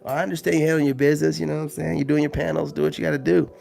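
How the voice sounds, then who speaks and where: A man's voice: fairly high pitch, little pitch movement, rapid-fire, creaky, darkish tone, soft background music. Slangy, easygoing male streamer. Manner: loose, slangy, full of "you know what I'm saying" fillers. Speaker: live-stream host. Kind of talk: casual live-stream chat.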